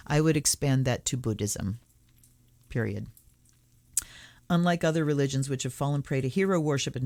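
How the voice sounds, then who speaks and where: A very deep, dark female voice, dry recording: a tarot reader hosting her channel, musing casually and reading passages aloud in a reflective manner. She slows down for blessings.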